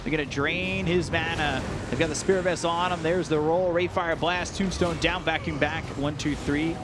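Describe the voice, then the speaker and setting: A man doing play-by-play commentary for an esports match, rattling off action quickly and getting excited during fights. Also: on the high side, background noise.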